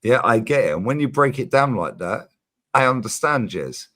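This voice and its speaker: Brief: male streamer, mid-pitched, lively and insistent, hammers his points home with swearing. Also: normal speed. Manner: animated, emphatic, swears freely, repeats his points. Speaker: streamer host. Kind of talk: casual livestream chat.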